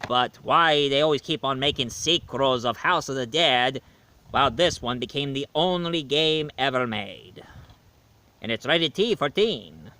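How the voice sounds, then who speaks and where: A man playing Dracula, a male vampire who is tired of killing, giving a slow, rambling video game review in character. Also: mid-range voice, expressive, sharp tone. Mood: weary. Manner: slow, rambling, self-correcting.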